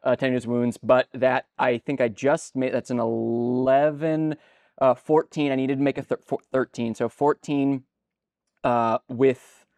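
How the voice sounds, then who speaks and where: A man's voice: mid-range voice, steady tone, a little slow, darkish tone, dry recording. A man playing a tabletop game, talking casually and hesitantly. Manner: hesitant, lots of ums. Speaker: player.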